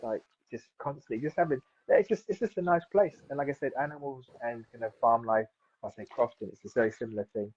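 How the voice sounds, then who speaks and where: A man's voice: medium pitch, darkish tone, breathy edge. A man in his thirties from South London, chatting casually as an interview guest, rambling with lots of fillers and restarts. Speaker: guest, seaweed farmer. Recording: dull lo-fi sound.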